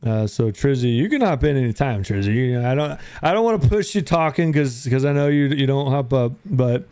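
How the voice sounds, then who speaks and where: A man hosts a loose, casual chat, his voice at an average pitch and recorded very dry and close. He rambles easily and drops "dude" into his sentences. He greets newcomers by name as they come in. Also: expressive, brisk, mellow, clear, resonant tone, dry recording. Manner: laid-back, rambling, says "dude" a lot. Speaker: host of a live audio chat room.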